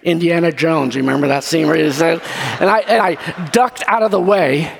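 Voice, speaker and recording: A male pastor with a notably high voice preaches, spinning a story with lively, acted-out turns. His voice rings through a hall with a long reverb tail. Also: brisk, gravelly. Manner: lively storytelling, acts out scenes. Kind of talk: sermon.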